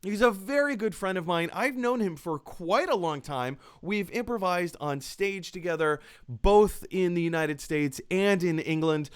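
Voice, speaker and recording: A man hosting a casual movie news show, excitable and chatty as he tells stories. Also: high-pitched, unhurried, hardly any pauses, smooth. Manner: excitable, storytelling. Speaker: host. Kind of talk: casual chat. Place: apartment.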